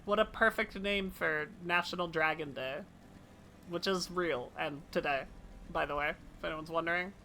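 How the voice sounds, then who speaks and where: Bright, playful woman streamer. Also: low-pitched, moderate pace, creaky, a little hiss or hum. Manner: reads game dialogue aloud in playful voices, swears casually. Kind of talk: casual live-stream gaming chat.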